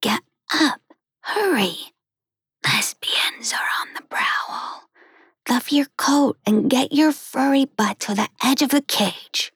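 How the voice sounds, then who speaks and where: A woman's voice: medium pitch, measured pace, vocal fry, husky, dry recording, clean studio sound. A woman voicing a bossy young female black kitten who whispers urgent orders, in a storybook.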